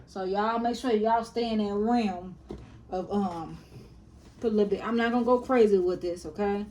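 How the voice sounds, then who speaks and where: A cooking vlogger chats casually with her viewers while making food in her home kitchen, calling them "y'all" and "baby." Her voice is medium in pitch with a darkish tone, and she talks at a moderate pace. There's slight background noise.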